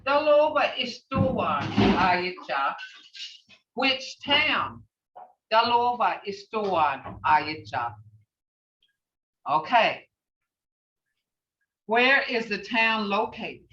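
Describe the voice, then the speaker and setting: Slow, bright-voiced woman teaching on a call. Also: mid-range voice, very animated. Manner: slow, patient, repeats phrases for students. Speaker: language teacher. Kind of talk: online language class. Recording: distant, roomy, dull video-call audio.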